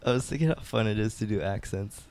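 A man's voice: lowish voice, fast talker, darkish tone, slight background noise. A young man talking in a laid-back, drifting way in casual chat, giggling often. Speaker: podcast guest.

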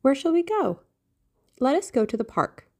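A woman's voice: high-pitched, sing-song, moderate pace, pitched above the performer's own voice. A woman reading an audiobook voices a young girl in love, eager and pleading. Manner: breathless, pleading.

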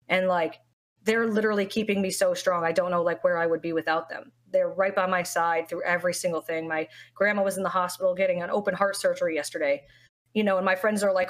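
A woman's voice: lowish voice, fairly even intonation, a little fast, a bit bright. A young woman, a streamer, talking candidly and with feeling in an interview, often restarting her sentences. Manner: candid, heartfelt, rambling with many restarts. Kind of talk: emotional interview talk.

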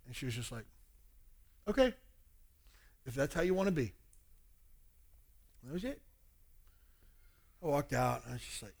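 A man in his forties preaching about raising children, his voice sitting a little higher than most men's. He tells stories from home and acts out the dialogue from them. His delivery is conversational. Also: animated, a little fast, creaky, long pauses, pushed and bright. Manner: storytelling, acts out family dialogue. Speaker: pastor. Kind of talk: sermon with personal stories.

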